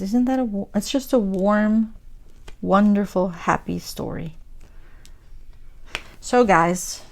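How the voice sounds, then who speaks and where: A woman crafting vlogger chatting casually while diamond painting, retelling a story with lots of fillers and gushing asides to her viewers. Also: mid-range voice. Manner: warm, gushing asides addressed to viewers as guys.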